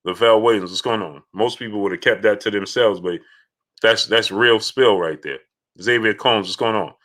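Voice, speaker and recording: Man, live stream host, casual chat, bright forceful tone, lower pitch, halting, lots of fillers. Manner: halting, many fillers, bursts of excited yelling at a game. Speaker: live stream host reading super chats.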